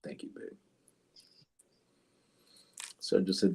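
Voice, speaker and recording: A man's voice: low-pitched, steady tone, a little slow, pauses often, darkish tone, slightly rough. A man, hosting a live podcast, telling prison stories loosely with lots of swearing and laughter, and reading chat comments aloud. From Arizona, USA. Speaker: podcast host. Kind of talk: casual storytelling chat.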